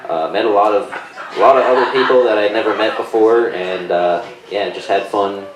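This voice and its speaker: A man chatting as a guest on a live podcast, halting speech full of fillers. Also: fairly low pitch, far from the mic, noisy background. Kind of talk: casual live podcast chat. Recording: echoey room, off mic.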